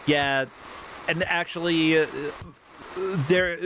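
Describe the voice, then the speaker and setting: A man's voice: a little high, steady tone, drawn-out words, a bit bright, slight background noise, low-quality recording. An American man commentating a game tournament livestream in a casual, rambling, joking way, laughing often. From United States.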